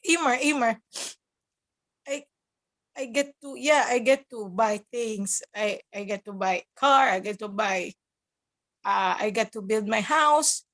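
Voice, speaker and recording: Filipino woman in her 30s, podcast guest; slow, halting delivery, fairly high voice. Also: fairly bright tone. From Philippines. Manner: halting, mixes English and German, laughs through tears. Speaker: guest, nurse working abroad. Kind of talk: emotional podcast interview.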